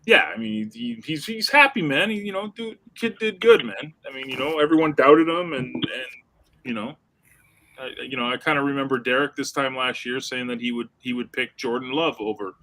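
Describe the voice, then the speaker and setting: A man's voice: mid-range voice, normal speed, creaky, bright, forceful tone, rough recording. A man co-hosting a casual sports chat in a laid-back, slangy way. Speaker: co-host.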